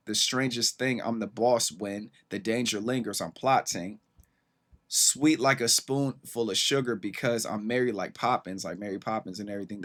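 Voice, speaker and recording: Excited man reacting to a rap track. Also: on the low side. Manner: excited, quick, talks over the track. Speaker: reaction channel host. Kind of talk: casual music reaction commentary.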